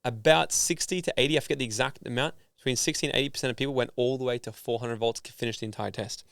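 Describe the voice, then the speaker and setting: A man from Australia, a guest on an interview podcast, telling a story in a casual, animated way and acting out the voices of people in it. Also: mid-range voice, rapid-fire, gravelly, clean tone, no echo, clean studio sound. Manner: animated, acts out voices in his stories. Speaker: guest, personal development founder.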